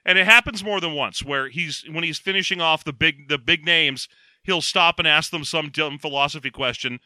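Bright sardonic man recapping a film. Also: a little high, no room sound. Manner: sarcastic, quick recaps with mocking quoted voices. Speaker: podcast co-host. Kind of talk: casual movie-review chat.

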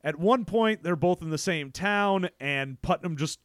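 A man co-hosting a casual movie recap chat, animated and acting out lines in funny voices. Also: on the high side, measured pace, no echo, studio quality. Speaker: podcast co-host.

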